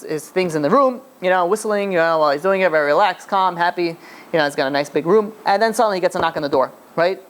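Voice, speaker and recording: Fast-talking animated rabbi storyteller. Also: male voice, high-pitched. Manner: animated, restarts often. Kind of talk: storytelling lecture.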